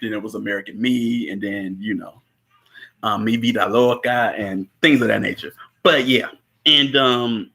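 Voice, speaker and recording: Man, casual movie recap, rambling, laughs a lot, bright tone. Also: lowish voice, normal speed. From Chicago. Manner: rambling, laughs often, many fillers. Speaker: host.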